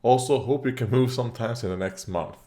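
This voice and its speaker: A man's voice: mid-range voice, a little fast, warm tone. A man hosting a reaction video, chatting casually as he watches, rambling with fillers, coughing now and then and talking back at the screen. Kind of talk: casual commentary while watching.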